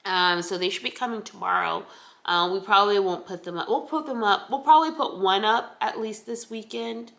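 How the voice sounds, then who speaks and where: Bright chatty young woman vlogging. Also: medium pitch, brisk, vocal fry. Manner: chatty, rambling with many fillers and restarts. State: pregnant. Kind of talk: casual chat.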